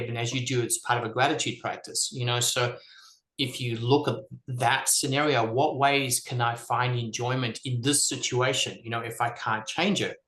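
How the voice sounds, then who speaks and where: A man's voice: medium pitch, fairly bright tone. A man appearing as a podcast guest, explaining his ideas in a thoughtful, casual way. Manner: thoughtful, explanatory, frequent "you know". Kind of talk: casual reflective chat. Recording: echoey room.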